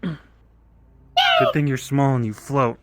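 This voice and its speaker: Man, playful, apologetic, casual role-play banter, mid pitch. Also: wildly swooping pitch, takes it slowly, heavy background noise.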